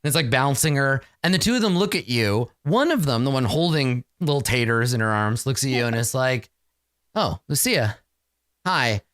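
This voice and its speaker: A man's voice: medium pitch, expressive, a little fast, hardly any pauses, fairly bright tone, no room sound, clean studio sound. A man running a tabletop game as game master, narrating in a loose, rambling way.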